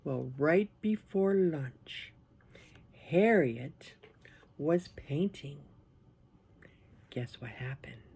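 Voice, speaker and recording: A children's storyteller reading a picture book aloud, animated, asking the listeners questions and dropping into whispers. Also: medium pitch, drawn-out words, vocal fry, pauses often, slight background noise.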